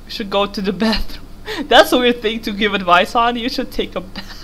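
A woman's voice: fairly high pitch, a little fast, a bit bright, a little hiss or hum. A young woman giving casual, giggly commentary while playing a game, rambling and talking to the character on screen. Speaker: gaming YouTuber.

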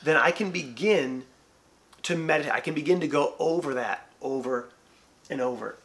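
A man's voice: a little high, normal speed. A man, a pastor, giving a devotional church talk and acting out little imagined conversations as he goes. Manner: animated, acts out imagined dialogue.

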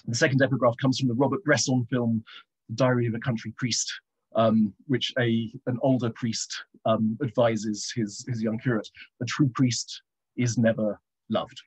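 A middle-aged man giving a reflective lecture over a video call, pausing with hesitant fillers and slowing down when he reads passages aloud. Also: mid-range voice, level tone, a little mellow, husky, poor audio. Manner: reflective, hesitant, slows down for readings. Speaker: guest lecturer and poet. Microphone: computer mic on a video call.

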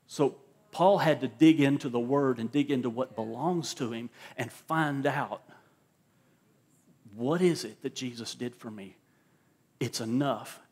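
A man's voice: medium pitch, unhurried, a little mellow, husky. A male pastor preaching a sermon at a church service, emphatic and repeating words as he drives his points home.

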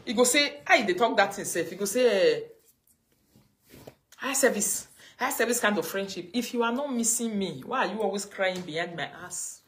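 A Nigerian woman ranting on a livestream, mocking and scolding, her voice swinging between loud outbursts and low mutters. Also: lively intonation, moderate pace. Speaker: livestream host. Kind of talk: casual livestream rant.

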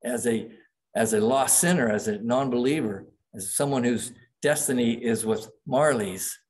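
A man's voice: mid-range voice, normal speed, darkish tone. A middle-aged man preaching a sermon as pastor, reading quoted passages aloud with dramatic emphasis.

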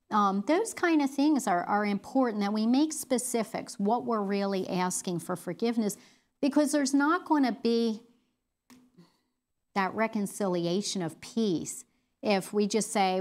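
A middle-aged woman teaches a women's Bible study in a plain, earnest, conversational way. She talks at a mid pitch, often stops to restart a thought, and leans on fillers. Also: expressive, measured pace.

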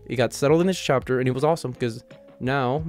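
Guy doing a rambling fan review, mid-pitched, eager, faint music underneath. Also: quick pace, darkish tone. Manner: enthusiastic, rambling, heavy use of "you know" and "like". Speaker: manga reviewer. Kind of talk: casual chapter review.

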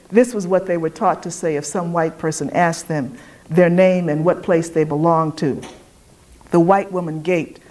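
A woman reading literary fiction aloud at a poetry event, measured and expressive. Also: fairly low pitch. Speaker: reader.

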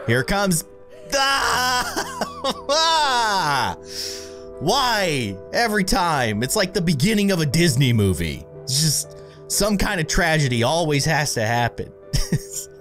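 Animated man narrating a game. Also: medium pitch. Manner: animated, exclaiming, reacting aloud. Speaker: gaming video host. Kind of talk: casual gameplay commentary.

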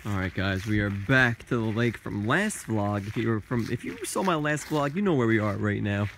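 Young man, low-pitched, playful vlog narration, handheld phone outdoors, wind and background noise. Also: lively intonation, normal speed, fairly bright tone. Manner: joking, playful narration to camera. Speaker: vlogger. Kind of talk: casual travel vlog. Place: outdoors in a park by a lake. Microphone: handheld phone camera.

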